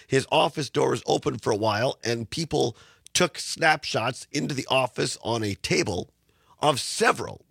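Hoarse raspy middle-aged guy hosting talk radio, gravelly, rambly, dry studio mic. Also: mid-range voice, a bit bright, dry recording. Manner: rambling, repeats words, chuckles. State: hoarse from sinus trouble. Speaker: radio talk show host. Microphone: studio microphone.

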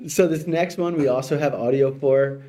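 A man's voice: mid-range voice, normal speed, warm tone. A male radio co-host presenting odd headlines in a wry, matter-of-fact, casual way with light laughs.

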